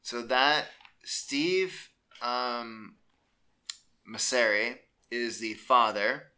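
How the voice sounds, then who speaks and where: A man's voice: medium pitch, extremely slow, bright, forceful tone. A man and father co-hosting a casual sports podcast, laid-back and easily amused. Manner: laid-back, chuckling, loose fillers. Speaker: podcast co-host. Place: small room.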